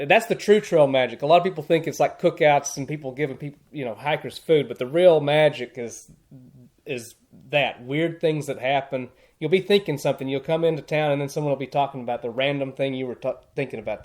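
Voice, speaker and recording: A man talks as a guest on a podcast, in an earnest, chatty voice of middling pitch. He tells his stories casually, restarting sentences as he goes and warming to his point. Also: brisk. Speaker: podcast guest, thru-hiker. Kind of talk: casual storytelling conversation.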